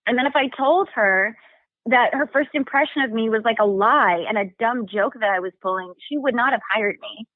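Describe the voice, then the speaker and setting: A woman's voice: fairly high pitch, brisk, dry recording. A woman calling in anonymously to a chat show, talking nervously with lots of laughs and filler words. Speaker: anonymous caller. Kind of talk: confessional phone-in chat. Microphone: telephone. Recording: tinny phone line.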